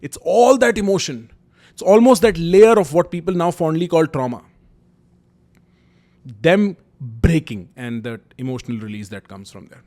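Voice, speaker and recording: Indian guy in his 20s, slightly high voice, candid emphatic storytelling to camera. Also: expressive, moderate pace, dark tone. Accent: Indian English. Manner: candid, emphatic, mixes Hindi kinship words and slang. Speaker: YouTube host.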